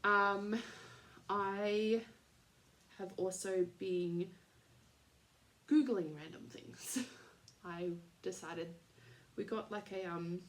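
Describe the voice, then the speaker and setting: An Australian podcast host in her thirties has a medium-pitched, steady, fairly bright voice and speaks very slowly with long pauses. She chats casually and rambles, using lots of fillers and little laughs.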